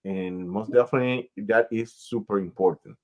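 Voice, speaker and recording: A man's voice: lowish voice, darkish tone, lo-fi sound. A man hosting a radio interview show, who also manages talent, giving long advice in a casual, explaining way. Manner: slow, advising, explains at length.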